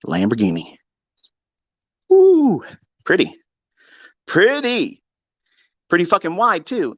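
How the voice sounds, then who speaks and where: A man hosting a live audio chat, telling a long story in a profane, mocking, animated way. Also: mid-range voice, no room sound. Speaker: Twitter Space host. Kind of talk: casual storytelling rant. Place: lives in Maryland.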